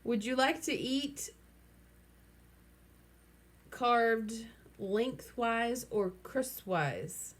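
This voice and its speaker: A woman voicing a teasing boy who speaks with a mock-polite, drawn-out manner. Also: a little high, voice pushed up.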